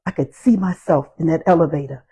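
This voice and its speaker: A woman giving a motivational talk on healing, speaking in slow, emphatic, repetitive phrases. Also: low-pitched, dark tone, slightly rough, poor audio.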